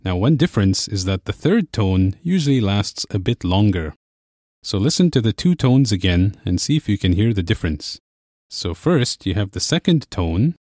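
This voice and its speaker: A man teaching a language lesson, explaining clearly and patiently. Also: fairly low pitch, sing-song, normal speed, darkish tone, dry recording, clean studio sound. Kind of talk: scripted lesson narration.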